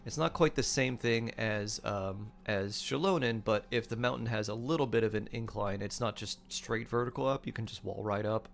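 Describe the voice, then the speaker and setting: A man's voice: on the low side, moderate pace, gravelly, few pauses. A man streaming a game, chatting casually, laughing often and reading his chat aloud. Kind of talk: casual gameplay commentary. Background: faint game music.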